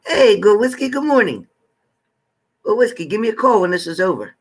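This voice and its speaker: A man's voice: sits high, big pitch swings, a little fast, slightly rough. A man hosting a live tarot stream, chatting casually and greeting viewers by name with familiar terms like honey.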